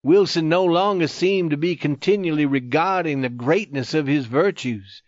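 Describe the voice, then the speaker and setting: A man's voice: a little high, normal speed, no room sound. Man narrating a book, dull lo-fi sound. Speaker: audiobook narrator. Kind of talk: scripted narration.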